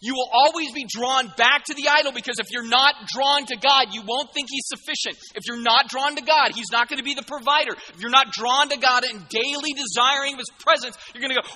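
A man preaching a sermon in an animated, jokey way, acting out the people in the story. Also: very high voice, a little fast, hardly any pauses, big-room sound, low-quality recording.

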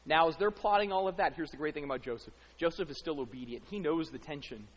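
A man preaching a sermon in a lively, conversational way, acting out the lines of the people he describes. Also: fairly high pitch, fast talker, husky, big-room sound. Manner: animated, conversational, acts out quotes. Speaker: pastor.

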